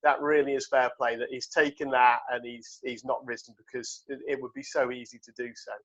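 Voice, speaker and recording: A man's voice: medium pitch, little pitch movement, a little fast, a bit bright. A man hosting a podcast, teasing the guest in casual banter. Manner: teasing, jokey. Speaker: podcast host. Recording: dull lo-fi sound.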